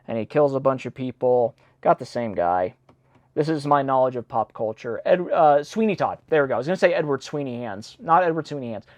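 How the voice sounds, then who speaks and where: A man's voice: medium pitch, no echo, highs cut off. A man hosting a read-along, reading old nursery rhymes aloud and breaking off with chatty, self-deprecating asides. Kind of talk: casual read-along with commentary.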